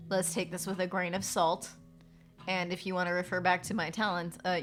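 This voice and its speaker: A woman streamer and voice actor chats casually on a live stream from her apartment, her fairly low, fairly bright voice rambling along with fillers and swearing. Her nose sounds congested.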